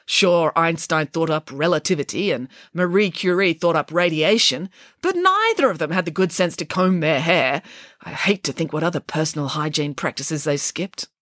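A woman's voice: low-pitched, lively intonation, normal speed, fairly bright tone, dry recording, clean studio sound. A woman voicing a flamboyant, self-assured female pig nanny in a storybook reading, speaking in a breezy, matter-of-fact way.

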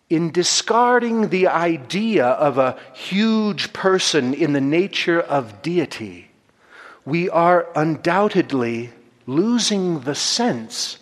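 A man preaching a sermon in a measured, reflective way, then reading a story aloud. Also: on the high side. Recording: reverberant hall.

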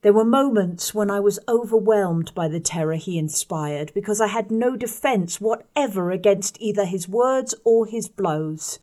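Woman, audiobook narration, measured pace, softly drops on quiet passages, mid-pitched. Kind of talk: audiobook storytelling in first person.

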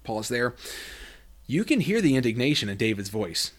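At a moderate pace and with big pitch swings, a man reads Bible passages aloud on his study podcast, explains them, and performs the quoted dialogue with large jumps in pitch.

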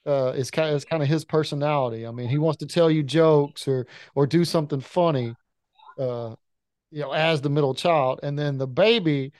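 A man in his thirties with a fairly high voice talks in a loose, animated way, wandering from one story to the next. The sound is close and dry, with no room around him. He is a podcast co-host in casual chat. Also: normal speed, no room sound.

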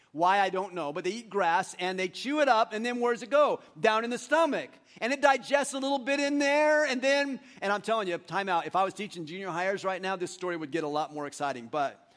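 A man with a high-pitched voice preaching a sermon to his congregation. He is animated, breaks into joking asides and acts out little voices to make his points. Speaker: pastor.

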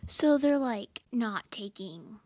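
A woman's voice: a little high, animated, slow pace, mellow, no room sound. A teenage girl co-hosting a podcast, chatting casually and retelling a scene with quoted lines. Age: teens. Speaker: teen co-host.

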